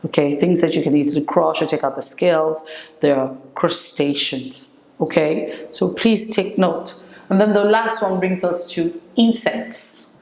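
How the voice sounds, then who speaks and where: Woman, Senegalese French accent, English teacher, slow careful pronunciation drills, roomy echo. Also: deep voice, gravelly, darkish tone. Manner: switches between English and French, repeats words slowly for pronunciation. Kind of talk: classroom vocabulary lesson.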